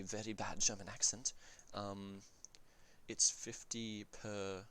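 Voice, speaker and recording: A man's voice: on the low side, little pitch movement, slow, pushed and bright, slight background noise. A man giving casual commentary on a strategy game, thinking aloud and often correcting himself mid-sentence with fillers. He talks in an offhand, blunt way and swears now and then.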